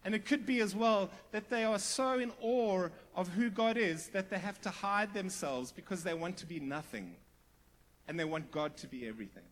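High-voiced man preaching a sermon. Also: moderate pace. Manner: emphatic, rising to near-shouted repetition; asks the congregation questions. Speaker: pastor.

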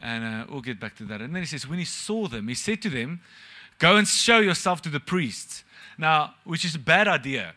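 A man's voice: fairly high pitch, pushed and bright. A young man, preaching a sermon at a church service in a casual, joking way and asking the congregation questions. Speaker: pastor.

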